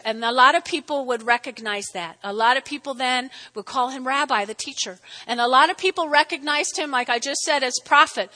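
A woman pastor preaching with a high, bright voice that rings through a large hall with a long echo. She is playful and exclamatory, tossing in chatty asides. It sounds like a lively church sermon. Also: measured pace.

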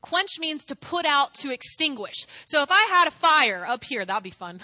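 A woman preaching a sermon in an animated way, laughing often and acting out little quotes. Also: high-pitched, moderate pace, dry recording, clean studio sound.

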